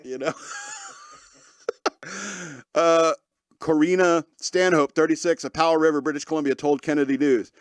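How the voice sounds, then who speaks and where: A man's fairly high voice, smooth and with little pitch movement, comes through clean studio audio with no room sound. At normal speed, with long pauses, he hosts a podcast of casual comedic news commentary, sarcastically joking and often laughing mid-sentence.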